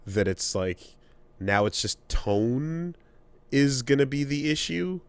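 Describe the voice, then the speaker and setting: A man co-hosting a podcast in relaxed, casual chat, thinking aloud. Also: mid-range voice, takes it slowly, smooth, dry recording. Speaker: podcast co-host.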